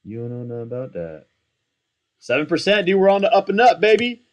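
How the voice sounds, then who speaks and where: A man's voice: on the high side, brisk, muffled recording. Hyped-up young guy rambling casually. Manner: excitable, rambling, slangy, self-mocking. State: hyped up on coffee. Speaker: fantasy football content creator. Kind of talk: casual live commentary.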